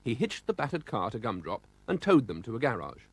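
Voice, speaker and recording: A man's voice: medium pitch, very animated, fairly quick, vocal fry, slightly rough, dry recording. A man with a British accent narrating a children's storybook expressively, voicing sound effects.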